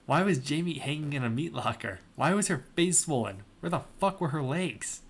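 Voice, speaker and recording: A young man hosts a video, reading fan fiction aloud in a dry, comedic way and tossing in sarcastic asides. His voice is a little high, animated and slightly rough, at a moderate pace. He keeps breaking into laughter and side comments, turning it into a comedic dramatic reading with commentary.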